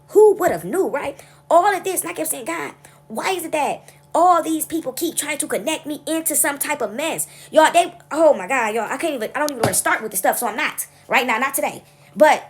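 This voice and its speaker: Fast-talking woman venting to viewers. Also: high-pitched, breathy edge. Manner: rambling storytelling, keeps asking "right?"; frank, animated venting. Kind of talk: casual monologue to viewers.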